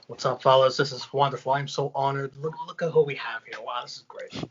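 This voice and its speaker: A man's voice: medium pitch, fairly even intonation, fairly quick, lo-fi sound, a little hiss or hum. Upbeat man leading a wrestling review. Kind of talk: casual roundtable chat.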